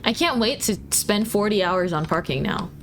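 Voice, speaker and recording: A woman's voice: medium pitch, lively intonation, normal speed, a little hiss or hum. A woman streamer chatting playfully and giggling while playing a driving game. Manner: playful, giggly, teasing chat. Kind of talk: casual gaming stream chat.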